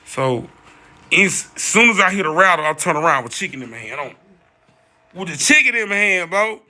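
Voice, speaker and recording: Excitable young man telling a wild story. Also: moderate pace. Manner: excitable, slangy, reenacts voices with big pitch jumps. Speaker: storyteller vlogger. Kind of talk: animated storytime monologue.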